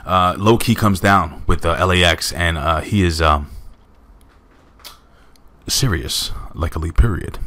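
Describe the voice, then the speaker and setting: A man's voice: low-pitched, unhurried, pauses often, sharp tone. A man reviewing a wrestling show in a casual recap, rambling with lots of fillers and asides to his viewers.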